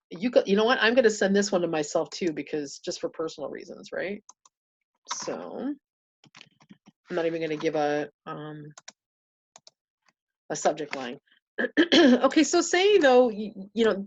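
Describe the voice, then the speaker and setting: A woman's voice: medium pitch, lo-fi sound. A woman talking through a casual screen-share tutorial, thinking aloud with many fillers and restarts.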